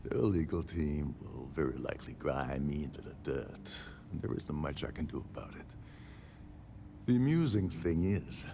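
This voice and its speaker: A man's voice: a bass voice, gravelly, background noise. An actor playing a sardonic older man, a jailed former ship captain, in game dialogue. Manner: wry, sardonic, measured. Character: older male jailed ex-captain, dry and resigned.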